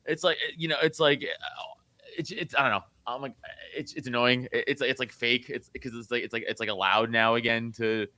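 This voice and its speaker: A man's voice: medium pitch, steady tone, a little fast, pushed and bright. A man, a comedian guest, in casual podcast banter, crude and rambling, laughing often and restarting his sentences.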